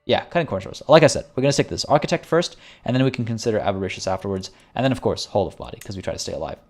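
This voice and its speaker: A man's voice: lowish voice, animated, very fast. A man casually talking through a strategy game on a live stream, chatty and wry, with mock-villainous asides. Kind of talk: casual live gameplay commentary.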